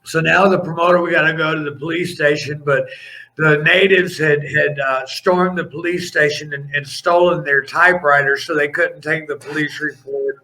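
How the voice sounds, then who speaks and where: A middle-aged former wrestler tells his stories in an interview, animated and rambling, often breaking off to restart a sentence. His voice sits a little high for a man and has a bright, forceful edge. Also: normal speed, low-quality recording. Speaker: podcast guest, former pro wrestler. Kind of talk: storytelling in a casual interview.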